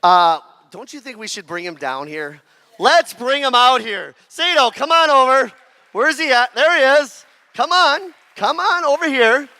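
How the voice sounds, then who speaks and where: A man's voice: very high voice, animated, a little slow, bright, forceful tone. A man auctioneer at a gala, calling bids in a rhythmic rolling chant and joking with the crowd. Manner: rhythmic rolling bid calls, jokey banter. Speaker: benefit auctioneer. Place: gala event hall.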